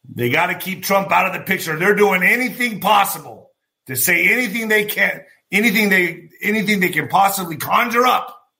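A man's voice: high-pitched, bright, forceful tone. A man ranting bluntly and profanely as a commentary vlogger, talking straight to his viewers. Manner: blunt, swearing, emphatic, addresses viewers as folks. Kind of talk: profane political commentary rant.

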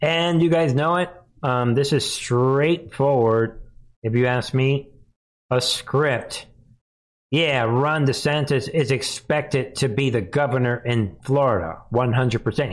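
A man's voice: medium pitch, slow. Mocking male commentary host. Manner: mocking, laughing often, addresses viewers. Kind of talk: live news commentary.

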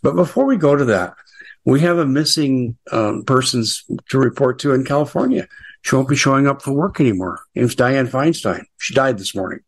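A man's voice: mid-range voice, big pitch swings, moderate pace, breathy edge. A middle-aged American man hosting a casual political commentary show, chatty and sarcastic with frequent asides.

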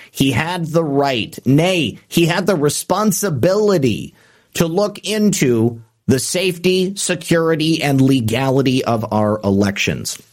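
A man hosting a political commentary show, reading out quotes and adding sarcastic remarks with frequent "uh" fillers. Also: mid-range voice. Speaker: political commentary podcast host.

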